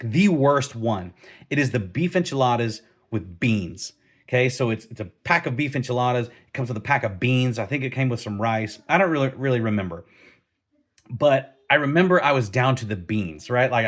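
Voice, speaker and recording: A middle-aged man telling a story from his army training in a casual vlog, animated, laughing now and then and often restarting his sentences. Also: mid-range voice.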